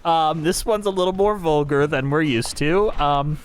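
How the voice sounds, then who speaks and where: A woman's voice: low-pitched, moderate pace, smooth, rough recording. A woman hosting a casual podcast chat, giggling often as she reads reviews aloud. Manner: giggly, reads quotes with playful put-on voices. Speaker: podcast host.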